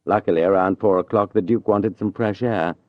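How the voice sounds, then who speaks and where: A man narrates an audiobook in a measured, even way, with a somewhat low voice. The sound is dry and dull, as on a lo-fi recording. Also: no room sound.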